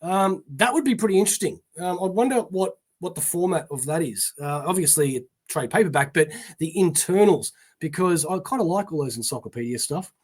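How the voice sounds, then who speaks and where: High-voiced Australian man reading a list. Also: fairly quick, hardly any pauses, a little mellow, husky. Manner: reads titles like a newscaster, trailing off into mumbled asides. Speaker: comic shop pre-order show host. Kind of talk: casual solo list reading.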